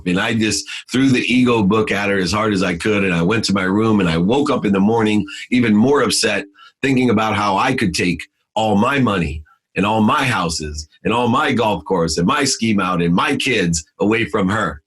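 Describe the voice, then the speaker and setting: A man's voice: fairly low pitch, moderate pace, a bit bright, slightly rough. A man telling his story as an interview guest, intense and emphatic in a motivational way.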